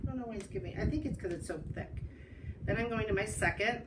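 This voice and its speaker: A woman's voice: medium pitch, fast. A woman hosting a live craft tutorial, chatty and talking to herself as she works, often stopping with "hold on.". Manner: chatty, self-interrupting with "hold on". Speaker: craft host. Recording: distant mic with noise.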